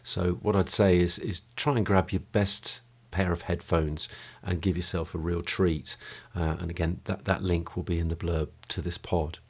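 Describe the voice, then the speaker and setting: A man's voice: sits low, little pitch movement, normal speed, hardly any pauses, a little mellow, slightly rough. A man hosting a podcast in a home studio room, talking casually and hesitantly, with many fillers and restarts. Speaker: podcast host. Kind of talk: casual chat and wrap-up.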